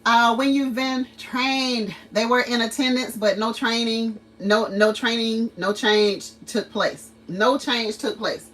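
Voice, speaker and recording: A mother who hosts her own channel runs a casual livestream, telling stories and ranting, laughing often and acting out quotes with animation. Her voice sits on the high side and she takes it slowly. The recording is low quality, with her far from the mic.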